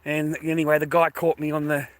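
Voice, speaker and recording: A man's voice: a little high, monotone, fairly quick. Tired, rambling Australian man. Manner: rambling, swears a lot, addresses viewers as mate and boys. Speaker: vlogger. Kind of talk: casual rambling monologue to viewers. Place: outdoors, walking to a bus stop early in the morning.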